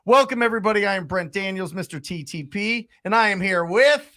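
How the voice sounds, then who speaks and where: A man's voice: sits high, lively intonation, fairly quick, sharp tone. A man hosting a live podcast, talking in an upbeat, emphatic way. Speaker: show host. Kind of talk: casual live podcast chat.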